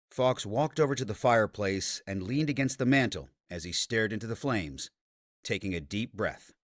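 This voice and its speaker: Reading a fantasy audiobook from a script, a man speaks on the low side at normal speed, telling the story in a steady, even way. The sound is dry and clean, clearly from a studio.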